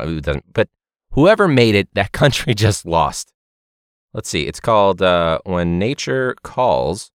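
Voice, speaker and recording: A man hosts his own podcast. He talks in a rambling, sarcastic way, swears freely, and laughs at himself. His pitch swings widely, and the recording is dry and close. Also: no room sound. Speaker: podcast host. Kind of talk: casual ranting monologue.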